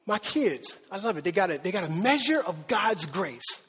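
High, husky-voiced man preaching. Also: big pitch swings, normal speed, fairly bright tone, long reverb tail. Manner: conversational preaching, rhetorical questions. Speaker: pastor. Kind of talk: sermon. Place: church sanctuary.

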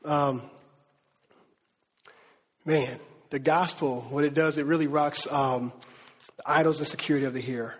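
A man preaching a sermon to his church in a casual, animated way, using slang and acting out quotes. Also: on the high side, measured pace, pauses often. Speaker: pastor. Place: church hall. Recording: long reverb of a large hall.

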